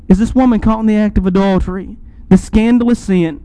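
A man preaching a sermon, building to emphatic swells and easing into slow, quiet pauses. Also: high-pitched, steady tone, clean tone, dry recording, low-quality recording. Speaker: pastor.

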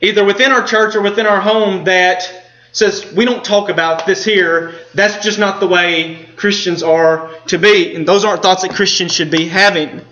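A man preaching a sermon, telling the story in an earnest way and pausing for emphasis. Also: high voice, steady tone, pushed and bright, dull audio.

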